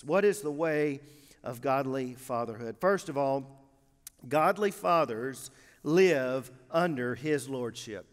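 A man preaching a sermon as pastor in a church sanctuary, emphatic, with measured pauses. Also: medium pitch, animated. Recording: long hall reverb of a church sanctuary.

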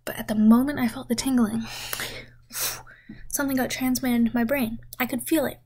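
A young woman with a fairly high, airy, slightly husky voice tells a comedy story in a half-whisper. Her delivery is deadpan and rambling, and she swears constantly. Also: a little fast. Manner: deadpan rambling, many swear words and 'freaking'. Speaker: content creator.

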